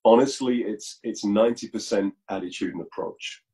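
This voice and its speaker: Mellow low-voiced man on a video call. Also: normal speed, creaky, rough recording. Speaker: musician guest. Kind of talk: casual video call interview.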